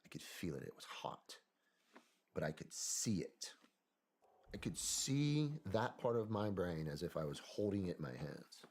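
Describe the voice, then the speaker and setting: A man, a podcast guest, telling a personal story in a soft-spoken, hesitant way that often trails off. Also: sits low, expressive, a little slow, breathy edge.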